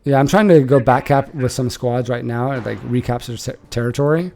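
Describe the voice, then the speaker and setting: A young man shoutcasting a strategy game he played in, casual and animated, swearing and laughing. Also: medium pitch, fairly quick, gravelly, slight background noise.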